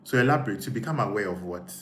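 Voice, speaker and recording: Rapid-fire and animated, this man's fairly low, slightly bright voice carries a Ghanaian English accent. He's hosting a casual live stream, going through viewer comments and thinking aloud with lots of repetition, in an echoey room with faint noise.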